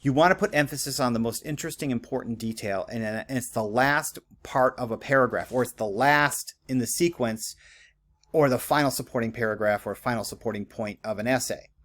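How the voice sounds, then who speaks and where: A man's voice: medium pitch, brisk, a bit bright. A man teaching writing in a conversational lecture, with many fillers and frequent "okay?" checks. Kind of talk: recorded classroom lecture.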